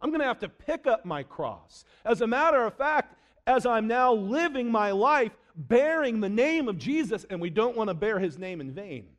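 A man preaching a sermon in a high voice. He drops low and quiet for quoted scripture, then pushes up louder and faster for emphasis. It comes across as dramatic preaching. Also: expressive, dull audio.

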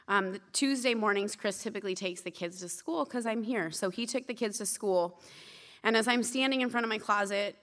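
Church lady preaching, bright clear voice, chatty and honest about her own slipups. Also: medium pitch. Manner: candid, self-deprecating storytelling. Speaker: church teacher. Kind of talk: sermon.

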